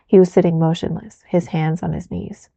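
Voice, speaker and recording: A woman narrating a book aloud as a soft, unhurried ASMR reading. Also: on the low side, little pitch movement, creaky, dry recording, lo-fi sound.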